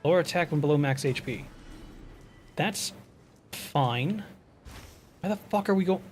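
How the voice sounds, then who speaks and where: A man's voice: on the high side, expressive, a little slow, pauses often, a little mellow. Swearing male streamer over game music. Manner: profane, exasperated rambling while playing. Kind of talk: casual gameplay commentary.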